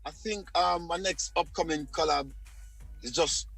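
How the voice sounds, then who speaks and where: A man with a Jamaican accent, talking casually as a guest in a radio interview, relaxed and repeating phrases as he goes. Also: on the high side, unhurried, vocal fry, husky, dry recording. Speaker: dancehall artist guest. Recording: radio studio with faint music behind.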